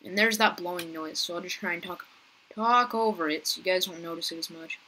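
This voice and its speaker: A young woman giving casual gameplay commentary, chatty and talking to viewers and other players, her voice rough as she keeps clearing her throat. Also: on the low side, a little fast, sharp tone, slight background noise, rough recording. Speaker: gaming youtuber.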